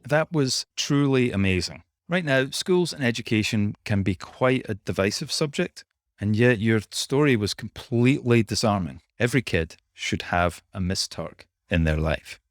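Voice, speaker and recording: A man's voice: fairly low pitch, animated, normal speed, no echo, studio quality. A man with a Scottish accent hosting a podcast, chatting casually with wry, self-deprecating humor. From United Kingdom. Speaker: podcast host.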